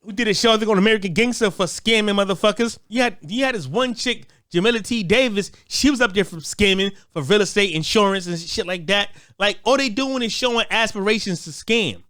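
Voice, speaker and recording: A man's voice: sits high, fairly bright tone, dry recording, studio quality. A man giving a heated, profane rant as a commentator, often stammering and repeating words as he restarts.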